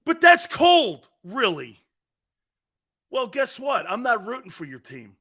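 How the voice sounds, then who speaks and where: A man's voice: extremely high pitch, wildly swooping pitch, takes it slowly, bright, forceful tone. A man hosting a sports talk show, ranting bluntly and combatively, mocking other people's views with imitations. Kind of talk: opinionated sports radio rant.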